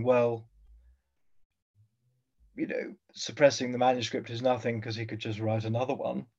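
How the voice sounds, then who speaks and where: Man, mid-pitched voice, slightly dull lo-fi sound, thoughtful interview guest, hesitant. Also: a little mellow. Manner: thoughtful, hesitant, with frequent fillers. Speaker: guest historian. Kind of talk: conversational interview.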